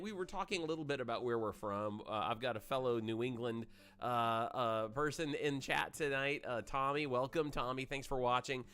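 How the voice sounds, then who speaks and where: A man's voice: mid-range voice, fairly bright tone, clear, resonant tone. A man in his forties from Maine hosts a gaming livestream, rambling through chatty stories in a voice trained for FM radio. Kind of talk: casual livestream chat.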